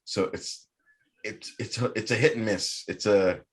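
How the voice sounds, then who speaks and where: Animated, swearing podcast host man. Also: fairly low pitch, a little slow. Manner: animated, swears freely, trails off and restarts. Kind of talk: casual chat.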